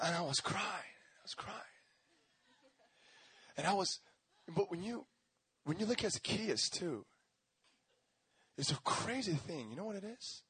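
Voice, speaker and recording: A young man preaching a sermon as pastor, telling his own testimony in an animated, slangy way, acting out voices and swinging between laughter and shouts. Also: a little high, slightly rough, no echo.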